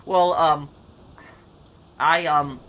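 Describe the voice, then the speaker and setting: Young american guy on stream, bright voice, lots of ums and restarts. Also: on the high side, steady tone, extremely slow, slight background noise. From United States. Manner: thinks aloud, hesitant, repeats himself. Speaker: game streamer. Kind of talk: live stream, reading chat.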